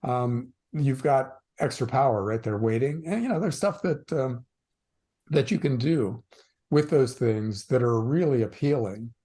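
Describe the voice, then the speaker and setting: A man's voice: mid-range voice, lively intonation, measured pace, warm tone. A man speaking as a guest on an interview podcast, explaining in a casual, dryly ironic way. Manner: dry ironic, hesitant with fillers. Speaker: guest commentator.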